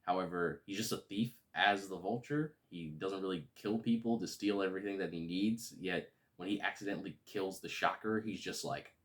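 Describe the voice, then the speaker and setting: A man casually reviewing a movie, relaxed and rambling with lots of fillers. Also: sits low.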